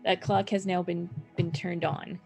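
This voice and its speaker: Gravelly-voiced woman running the game. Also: lowish voice, flat delivery, a little slow, a little mellow, faint music behind. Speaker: game master. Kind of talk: running a tabletop role-playing game.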